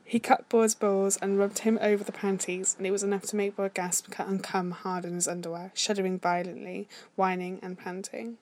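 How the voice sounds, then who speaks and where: Soft-voiced woman reading fiction aloud. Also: mid-range voice, little pitch movement, normal speed, few pauses. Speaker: narrator.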